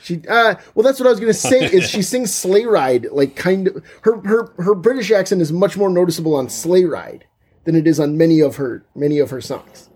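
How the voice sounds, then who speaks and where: A man's voice: high-pitched, lively intonation, brisk, a little mellow, husky. A man co-hosting a podcast in casual chat, joking and slipping into silly voices. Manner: jokey, breaks into silly voices. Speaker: podcast co-host.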